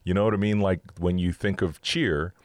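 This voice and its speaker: A man's voice: low voice, fairly even intonation, normal speed, no echo, clean studio sound. A man hosting a casual faith talk, upbeat and chatty, laughing often as he teaches. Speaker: podcast host.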